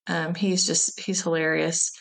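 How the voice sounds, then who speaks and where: Low-voiced woman telling festival stories. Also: little pitch movement, measured pace, vocal fry. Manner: rambling, laughs while telling stories. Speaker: festival event director, guest. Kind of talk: casual interview chat.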